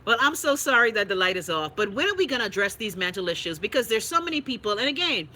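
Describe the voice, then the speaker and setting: A Bahamian woman hosting a livestream, chatting casually and reading viewer comments in a blunt, profane, animated way. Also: mid-range voice, quick pace, a little hiss or hum, poor audio. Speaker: livestream host.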